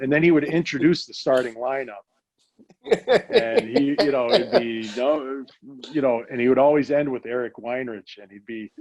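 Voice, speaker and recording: A man's voice: medium pitch, lively intonation, moderate pace, a little mellow. A middle-aged American man telling hockey stories in a casual interview, rambling with many restarts and fillers. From United States. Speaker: guest, hockey executive.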